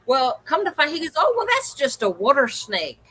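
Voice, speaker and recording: Woman, casual storyteller, bright tense voice, slightly high, acts out quotes. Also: big pitch swings, normal speed, low-quality recording. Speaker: co-host.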